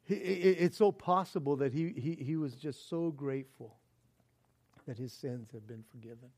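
A male preacher delivering a sermon as an animated story, firing rhetorical questions, chuckling, then easing into soft reflective passages. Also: mid-range voice, normal speed.

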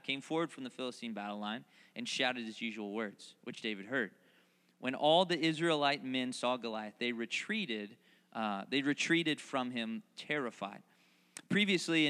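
A man preaching a sermon, reading scripture and then retelling it in animated, playful asides where he voices the characters. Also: medium pitch, in a large hall. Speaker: pastor. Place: large hall, recorded outdoors in a parking lot.

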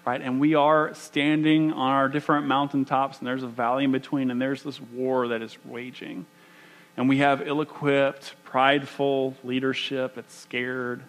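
A man preaching a sermon, animated and emphatic, often restarting his phrases. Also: medium pitch. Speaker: pastor.

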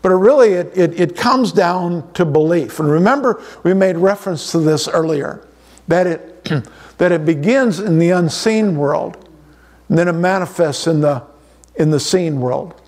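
A man's voice: a little high, a little slow, darkish tone. Man preaching with stammering restarts. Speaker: pastor. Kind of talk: sermon.

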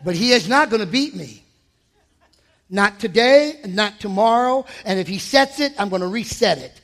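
A man preaching a sermon as pastor, swinging from hushed asides to shouted declarations. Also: high voice, lively intonation, normal speed. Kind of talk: energetic sermon.

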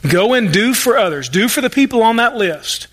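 High, bright-voiced folksy male preacher. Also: very animated, normal speed, slight background noise. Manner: folksy, humorous, emphatic preaching with sarcastic asides. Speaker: pastor. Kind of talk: sermon.

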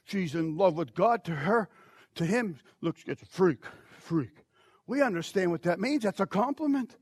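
A man preaching an altar call, impassioned, swinging from shouted pleas to near whispers. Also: high voice, expressive, normal speed, slightly rough, no echo. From United States. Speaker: pastor.

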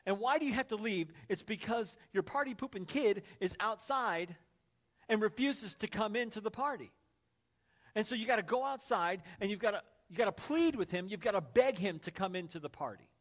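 A man's voice: high voice, expressive, moderate pace, fairly bright tone. A male pastor preaching a sermon in a casual, conversational way, speaking to the congregation. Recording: dull lo-fi sermon recording.

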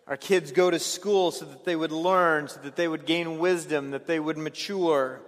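A fairly high-voiced man preaches an earnest sermon. He stumbles over repeated words and drops to near-whispers before rising again. His voice rings out with a long tail of reverb, as if filling a large hall. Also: steady tone, moderate pace, few pauses. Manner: earnest, stammering restarts, swings between hushed and raised delivery. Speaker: pastor.

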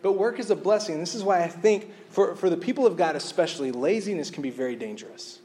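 A male pastor delivering a sermon in a slightly raised voice. He speaks earnestly, doubling words as he restarts, and drops into quiet emphasis on key points. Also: high-pitched, animated, fast, a little hiss or hum. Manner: reads scripture aloud.

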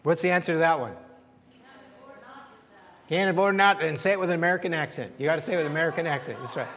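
A man pastor giving a conversational sermon with questions and answers, animated and repeating phrases as he searches for words. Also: on the high side, rapid-fire, long reverb tail.

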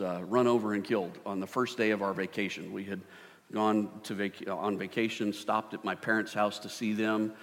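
Animated male pastor in a reverberant hall. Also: on the low side. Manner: animated, shifts from loud to hushed. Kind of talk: sermon.

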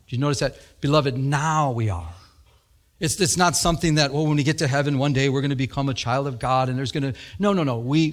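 Earnest male pastor preaching. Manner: earnest preaching that rises in pitch for emphasis, with frequent repetitions. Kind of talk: sermon.

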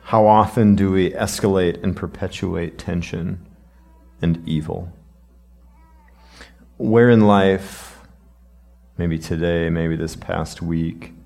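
A man preaching a sermon, slow and reflective, asking the listeners questions. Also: deep voice, gravelly, a little mellow.

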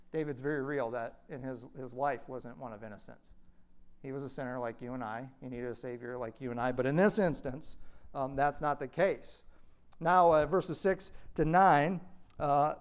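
A man teaching a Bible study class in a conversational way, acting out quoted speech with big swings in pitch. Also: darkish tone, smooth. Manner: conversational, many fillers.

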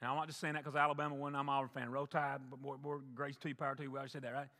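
A man's voice: mid-range voice, flat delivery, racing, bright, forceful tone. A male pastor preaching a sermon, emphatic, repeating key phrases for the congregation. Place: church sanctuary. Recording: long church reverb.

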